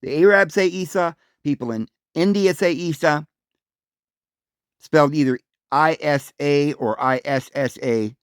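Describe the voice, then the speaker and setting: A man's voice: unhurried, clear, resonant tone, dry recording. Male host for a religious monologue: emphatic, insistent, dry close sound. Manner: emphatic, insistent, repeats points; acts out voices calling out a name in raised pitch. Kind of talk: solo religious talk monologue.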